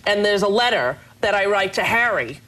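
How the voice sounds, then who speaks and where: A woman's voice: medium pitch, lively intonation, moderate pace, sharp tone, rough recording. An American woman hosting a talk show, effusive and enthusiastic as she interviews a guest. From United States. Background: studio audience.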